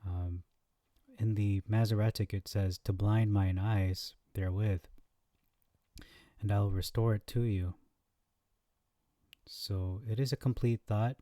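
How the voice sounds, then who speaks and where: A man hosting a scripture comparison lesson, reading verses aloud and thinking out loud with fillers, on a close mic. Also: fairly low pitch, fairly even intonation, a little slow, long pauses, dry recording. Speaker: Bible teacher.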